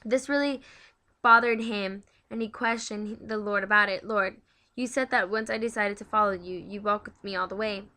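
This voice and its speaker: Young woman host, bright tone, casual devotional read, chatty, trips over words. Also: mid-range voice, steady tone, normal speed. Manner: chatty, stumbling over words while reading aloud.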